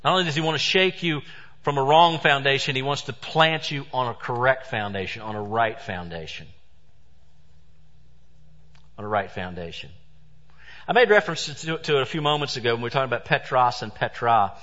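A man preaching a sermon as pastor, stressing points loudly and then dropping to hushed asides. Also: mid-range voice, fast. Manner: emphatic preaching, swings between loud stresses and hushed asides. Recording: dull sound with long hall reverb.

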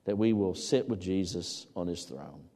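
A man preaching a sermon in an earnest voice that climbs to loud, emphatic peaks on scripture. His tone is warm and mellow and sits a little low. A long hall reverb trails each phrase. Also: moderate pace. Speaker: pastor.

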